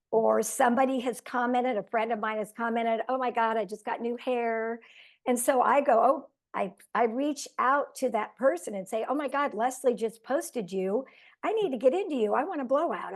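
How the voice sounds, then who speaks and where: Earnest woman with a higher voice. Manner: earnest, self-deprecating. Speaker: team member sharing tips. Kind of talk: coaching team call.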